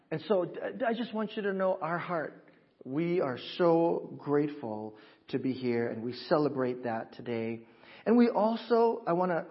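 A man in a church service, a pastor talking with his congregation in a lively, upbeat way and leading them through a greeting. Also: a little high, dull audio. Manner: warm, upbeat, talks with the congregation and teaches them. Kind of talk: sermon.

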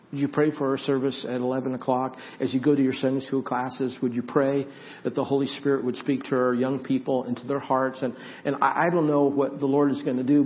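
A man preaching and then praying aloud, earnest, with halting restarts that grow louder as he prays. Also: medium pitch. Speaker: pastor. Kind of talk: sermon closing into prayer. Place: church sanctuary. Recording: dull lo-fi church recording, faint music.

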